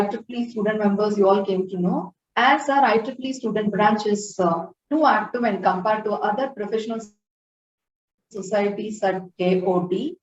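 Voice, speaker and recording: An earnest woman delivers a formal, encouraging address over a video call, pausing often on fillers. She sounds set back from the microphone in a roomy space. The audio is dull and lo-fi. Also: mid-range voice, darkish tone, recorded from a distance. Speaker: student branch counselor giving an address.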